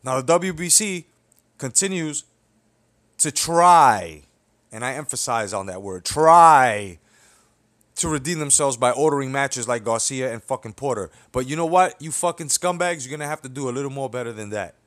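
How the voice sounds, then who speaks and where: A man's voice: mid-range voice, animated, a little fast. A young man who hosts a boxing commentary channel, delivering a blunt, heated, profanity-filled rant that keeps checking in with "you know what I'm saying". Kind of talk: profane ranting opinion video.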